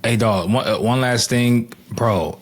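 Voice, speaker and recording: A man co-hosting a casual hip hop podcast, talking emphatically with lots of slang. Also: mid-range voice. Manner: emphatic slang-heavy talk, drawn-out words. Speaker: podcast co-host.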